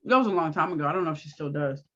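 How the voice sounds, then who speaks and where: A woman's voice: deep voice, fairly bright tone. Sassy woman on a dull lo-fi mic. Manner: quick reactions and sassy asides. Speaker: co-host of a TV recap show. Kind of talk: casual recap chat.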